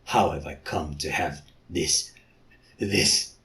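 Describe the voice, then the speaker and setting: A man voicing a bewildered giant warrior with a leopard head, who speaks in a low, slow mutter. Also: a bit bright, full character voice.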